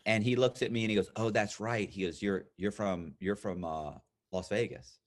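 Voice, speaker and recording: A man in his fifties with a lowish voice tells his story as an interview guest. He talks casually and animatedly, slipping into the voices of the people he quotes. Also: steady tone, moderate pace. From United States. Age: 50s.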